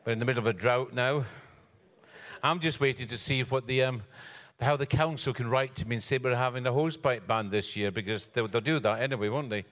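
A man's voice: medium pitch, fairly quick, a bit bright, long reverb tail. Joking older man preaching a sermon. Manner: joking, self-deprecating asides. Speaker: guest preacher. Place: church hall.

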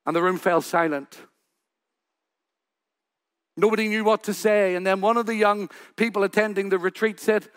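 A man's voice: sits high, steady tone, moderate pace, long pauses, fairly bright tone, clean tone. A man preaching a sermon in church, building his points through repeated rhetorical questions and lists.

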